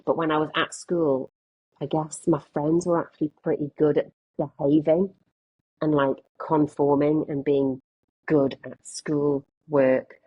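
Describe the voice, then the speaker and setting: A low, husky-voiced English woman in her late twenties speaks frankly as a podcast guest. She rambles through her thoughts with plenty of restarts and the odd casual swear word. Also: flat delivery, unhurried, dark tone, lo-fi sound. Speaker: guest, content creator. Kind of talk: candid podcast conversation.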